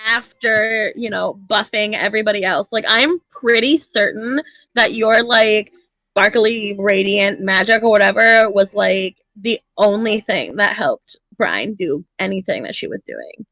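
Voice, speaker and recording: A woman's voice: medium pitch, unhurried, a bit bright, no echo, poor audio. A woman player in a tabletop role-play stream, rambling casually with lots of fillers.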